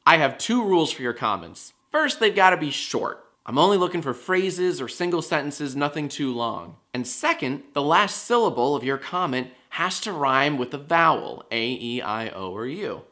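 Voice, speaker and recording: A man's voice: on the high side, expressive, normal speed, hardly any pauses, sharp tone. A man hosting a comedy web show, reading out viewer comments with sarcastic, jokey asides. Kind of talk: fast comedic monologue to camera.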